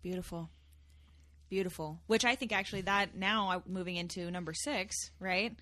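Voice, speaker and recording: A woman's voice: on the low side, normal speed, a bit bright, dry recording. A woman hosting an interview in an enthusiastic, affirming way. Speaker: host. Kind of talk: interview host chat.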